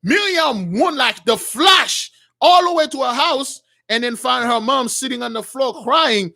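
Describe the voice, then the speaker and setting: A man's voice: very high voice, animated, a little slow, gravelly, pushed and bright. A man retelling a religious story as a preacher, rambling with many restarts and calling his listeners brothers.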